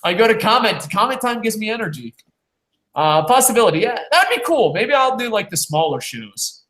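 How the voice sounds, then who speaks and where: A man with a slightly high voice chats casually through a wrestling review, swearing freely and wandering between jokes and viewer comments. His voice rings out in a roomy, echoey space. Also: very animated, fairly bright tone. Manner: loose and profane, rambling with quick jokes. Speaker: podcast co-host reading viewer comments. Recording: roomy echo.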